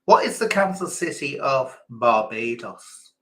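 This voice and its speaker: A man's voice: mid-range voice, animated, a little slow, fairly bright tone. A man hosting a quiz on a livestream in casual chat, theatrical and grand in a self-mocking way, calling his listeners darling. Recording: echoey room.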